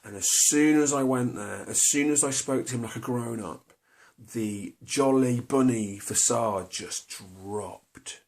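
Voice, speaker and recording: A man's voice: mid-range voice, takes it slowly, gravelly. A middle-aged man tells a personal story to camera, hesitant and confessional, full of fillers and restarts. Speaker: vlogger.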